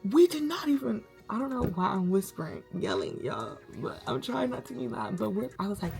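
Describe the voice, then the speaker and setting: A young woman tells a story to her viewers in a lively, slangy way and breaks off for dramatic asides. Her voice sits at a middle pitch. Music plays faintly underneath. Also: fairly quick, creaky. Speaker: vlogger. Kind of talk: storytime vlog.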